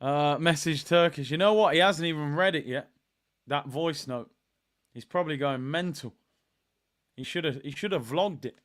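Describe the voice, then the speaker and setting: A man hosting a live football watchalong, chatty and excitable as he reacts to the match and the chat. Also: fairly high pitch, normal speed. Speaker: watchalong host.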